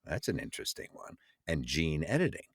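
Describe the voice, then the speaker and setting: Guy cohosting a podcast, super animated up and down, jokey, dips into goofy voices now and then. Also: very deep voice, vocal fry, breathy edge, no echo, studio quality. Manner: playful, slips into quick put-on voices. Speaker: podcast co-host. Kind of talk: casual scripted podcast banter.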